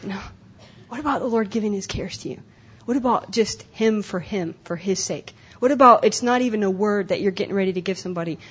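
A woman's voice: mid-range voice, brisk, breathy edge. A young adult woman speaking at a conference breakout session, earnest and emotional, often repeating herself. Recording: dull lo-fi live recording.

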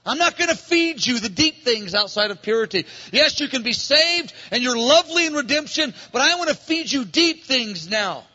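A man's voice: extremely high pitch, lively intonation, normal speed, few pauses, bright, forceful tone, in a large hall, muffled recording, heavily acted. A man speaking as a loving king who coaxes his bride onward with earnest questions and commands. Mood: coaxing, earnest.

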